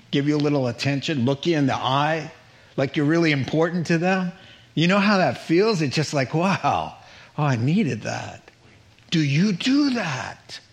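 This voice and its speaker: A middle-aged pastor delivers an animated sermon, his pitch rising on rhetorical questions as he acts out quotes in character.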